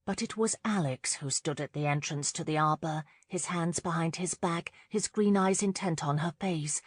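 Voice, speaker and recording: Woman narrator, low voice, measured expressive reading, dry close studio sound. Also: breathy edge, no room sound. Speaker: audiobook narrator. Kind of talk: scripted narration.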